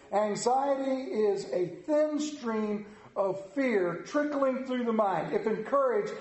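High-pitched guy preacher telling a homey story, big echoey church sound. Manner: folksy, animated storyteller. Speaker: pastor. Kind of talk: storytelling sermon.

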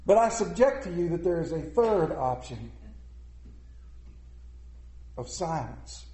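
A man preaching to a room of listeners in a folksy, joking storytelling style, dropping to a hush and rising again. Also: a little high, big pitch swings, slow pace. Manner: joking storyteller, swings between loud and hushed. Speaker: preacher speaking to a congregation. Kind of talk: folksy sermon. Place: large hall with an audience. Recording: roomy echoing hall.

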